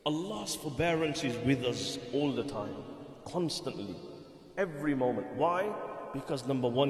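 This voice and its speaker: Emphatic male preacher in echoing hall. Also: mid-range voice. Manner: emphatic, repeats phrases, rhetorical questions. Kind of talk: sermon. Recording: reverberant hall.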